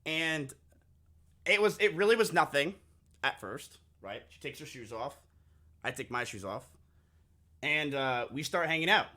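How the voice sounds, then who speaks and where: This streamer addresses his live chat head-on, a man spinning a frank, crude tale and echoing certain lines for emphasis. He sounds animated yet unhurried, with long pauses, and his somewhat high voice comes across bright and forceful.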